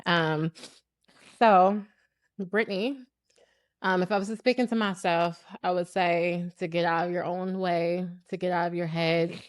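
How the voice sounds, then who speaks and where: Soft-spoken encouraging woman host. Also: lowish voice, fairly even intonation, a little slow, dry recording, clean studio sound. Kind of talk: encouraging heartfelt conversation.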